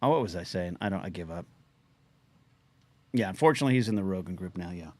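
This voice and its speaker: A middle-aged man hosting a live call-in stream, chatting loosely and reading out chat names, his throat a little scratchy from shouting. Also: deep voice, animated, no room sound. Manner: chatty, quick asides, reads out chat names. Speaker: livestream call-in show host. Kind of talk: casual rambling live-stream talk.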